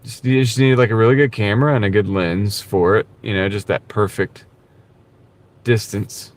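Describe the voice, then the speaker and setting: A man with a slightly low voice talks casually to his live-stream viewers from the driver's seat. He rambles in a laid-back way and drops "dude" here and there. He is recorded on a small clip-on mic. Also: fairly even intonation, normal speed. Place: in a car while gig driving. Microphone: wireless clip-on mic.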